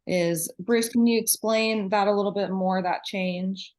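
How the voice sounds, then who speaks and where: A woman co-hosting a podcast, talking through texts in a measured, thoughtful way. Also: mid-range voice, fairly even intonation, a little mellow. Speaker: podcast co-host. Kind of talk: conversational discussion.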